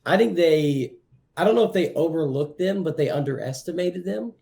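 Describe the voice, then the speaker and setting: A man's voice: on the high side, animated, normal speed, creaky, warm tone. A man co-hosting a casual sports podcast, laid-back and confident in his score predictions. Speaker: podcast co-host.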